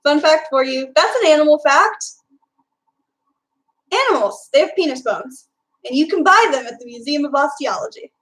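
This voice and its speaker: A woman's voice: high voice, animated, moderate pace, fairly bright tone, rough recording. A young woman from Texas with a Texan accent, chatting casually on a live stream and answering her chat. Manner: chatty, reads and answers chat, filler-heavy.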